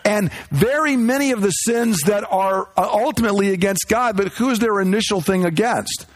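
A man's voice: high-pitched, moderate pace. A male pastor preaching a sermon in a conversational, self-deprecating way, full of rhetorical questions.

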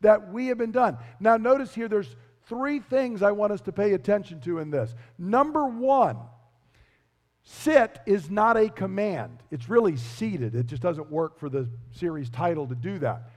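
A man's voice: sits high, animated, measured pace, long reverb tail. A male pastor preaching an expository sermon, emphatic, repeating key phrases and quizzing his listeners.

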